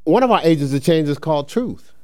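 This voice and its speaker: A man preaching a sermon as pastor, conversational and animated, acting out little dialogues and laughing often. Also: on the high side, a little fast.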